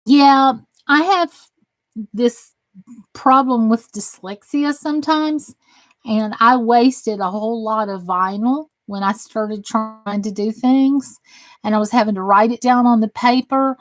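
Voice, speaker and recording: Slow-talking Southern woman streamer. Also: a little high, no echo. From Southern United States. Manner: folksy, chatty, self-deprecating. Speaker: crafting livestream host. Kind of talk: casual live stream chat reading comments.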